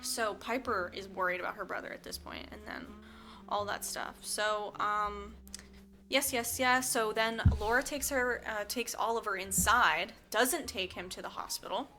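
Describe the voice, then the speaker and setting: Woman, podcast co-host, bright voice, animated movie recap, acts out lines, faint music behind. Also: mid-range voice, normal speed. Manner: animated storyteller, frequent fillers, acts out character lines. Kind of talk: casual movie recap chat.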